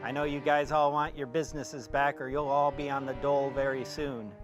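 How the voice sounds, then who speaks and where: A man voicing a gruff male shark hunter in his own plain, flat reading voice, wooden and hesitant, with no accent. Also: medium pitch, a little fast, over music, lightly acted. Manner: hesitant, wooden, loses the lines.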